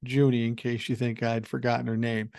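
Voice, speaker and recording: A man's voice: medium pitch, flat delivery, fairly quick, creaky, a little mellow, no room sound, clean studio sound. A man in his sixties hosting a podcast, reading listener mail and telling rambling stories in a blunt, profane way. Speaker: podcast host. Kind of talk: casual podcast talk reading listener email.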